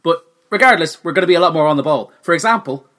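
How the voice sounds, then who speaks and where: A man's voice: a little high, expressive, fast, a bit bright. A man introducing his comedy podcast with wry, self-mocking humour. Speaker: podcast host. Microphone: new studio microphone.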